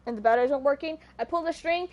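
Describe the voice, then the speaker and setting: A woman's voice: high voice, rapid-fire, darkish tone, dull audio. A young adult woman streamer telling a personal story in a casual, rambling way, often stopping and restarting her sentences. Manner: rambling, self-interrupting, earnest.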